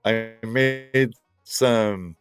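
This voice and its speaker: Soft background music plays behind a Southern California live stream host who talks straight to his viewers in a rambling, easygoing chat. His voice is fairly low, very slow and clean-toned, with no echo.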